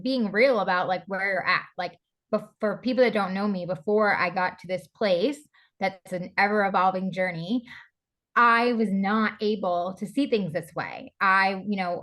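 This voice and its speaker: A stylist and breathwork coach is the guest in a candid, conversational podcast interview. Her medium-pitched voice has a fairly bright tone, and she speaks openly and from the heart, leaning often on fillers like "like" and "you know."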